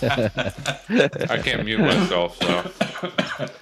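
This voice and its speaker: A man's voice: mid-range voice, very animated, drawn-out words, over a noisy crowd. A man joking easily as a podcast co-host. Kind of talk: casual chat.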